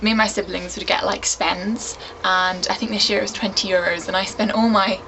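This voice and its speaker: A young woman at a middle pitch, vlogging to her camera as she spins a self-mocking story. She talks in a casual, rambling way, full of asides and little jokes at her own expense, with a faint hiss under the voice. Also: fairly even intonation, brisk, gravelly, pushed and bright, low-quality recording. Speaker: vlogger, regular on a shared channel.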